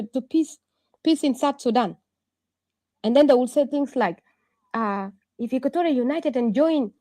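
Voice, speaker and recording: A woman's voice: a little high, mellow, dry recording. A woman giving an urgent political speech to an online room, full of rhetorical questions and repetition. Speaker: political activist addressing an online audience.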